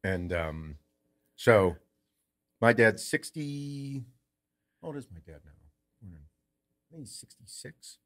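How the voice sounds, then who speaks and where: A man's voice: lowish voice, sing-song, takes it slowly, long pauses, fairly bright tone. A man co-hosting a podcast, telling a story in casual chat. He swears freely, acts out quoted lines and laughs often. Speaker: podcast co-host.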